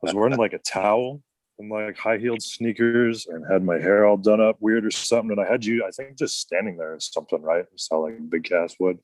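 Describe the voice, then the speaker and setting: A man's voice: lowish voice, brisk, darkish tone, dry recording. A man, a former wrestler, telling casual stories as a podcast guest, full of "like" and restarts. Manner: rambling, heavy use of "like".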